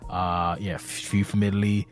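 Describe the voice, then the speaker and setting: Brief: man with a lowish voice, rambling and profane, sounds tired and anxious, faint music underneath. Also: level tone, moderate pace. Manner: rambling, profane, self-interrupting. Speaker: community leader of an online wrestling game league. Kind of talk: casual podcast monologue. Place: indoors, seated.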